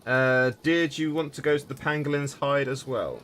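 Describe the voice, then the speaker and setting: A man's voice: mid-range voice, moderate pace, fairly bright tone, slight background noise. A man narrating a tabletop game as game master, rambling with many restarts.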